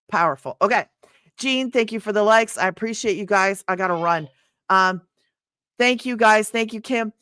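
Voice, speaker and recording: A woman's voice: medium pitch, fairly bright tone, no echo, clean studio sound. Bubbly woman live-streaming. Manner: bubbly, laughs often, talks straight to viewers. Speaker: livestream host. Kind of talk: casual livestream chat. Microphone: phone.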